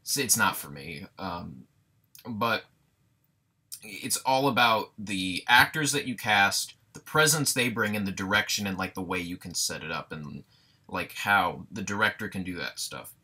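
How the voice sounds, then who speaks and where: A man's voice: deep voice, expressive, a little slow, bright, forceful tone. A young man ranting through a casual movie review, sarcastic and exasperated, swearing freely.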